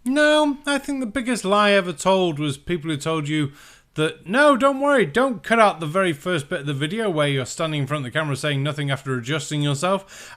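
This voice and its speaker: A man's voice: fairly high pitch, fairly bright tone. A man hosting a reaction channel, delivering sarcastic, profane commentary. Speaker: channel host.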